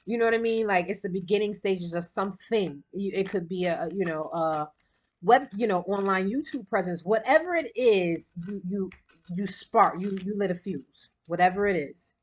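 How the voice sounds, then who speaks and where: A woman talks her viewers through a casual spiritual card reading in a loose, chatty way that often wanders off course. She sounds slightly out of breath, and her voice sits in a middle pitch. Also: expressive, dull audio. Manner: chatty, rambling, quick bursts of laughter. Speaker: tarot card reader.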